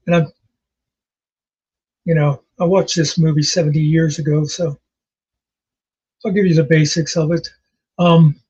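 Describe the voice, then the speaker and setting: A man in his sixties with a husky voice, chatting casually as a host and telling rambling jokes and memories. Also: a little high, darkish tone. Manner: rambling storyteller, laughs at his own jokes. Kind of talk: casual chat. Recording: dull lo-fi recording.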